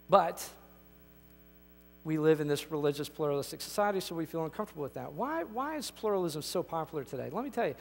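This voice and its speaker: High-voiced pastor preaching in a reverberant hall. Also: male voice. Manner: emphatic, conversational preaching with frequent restarts. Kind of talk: sermon. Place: church sanctuary.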